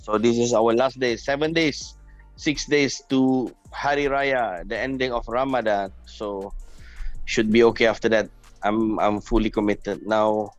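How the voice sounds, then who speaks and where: A man's voice: medium pitch, a little slow, no room sound, faint music behind. A man, chatting on a live stream and laughing a lot. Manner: giggly, excitable banter. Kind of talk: casual live-stream chat.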